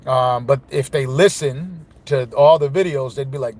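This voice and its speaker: A man holds forth as a podcast host, telling his side of a story in a loose, wandering monologue. His speech is peppered with curses and he keeps checking in with the listener. His pitch sits in an ordinary middle range. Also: normal speed, hardly any pauses, darkish tone. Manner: profane and rambling, with frequent "you know what I mean".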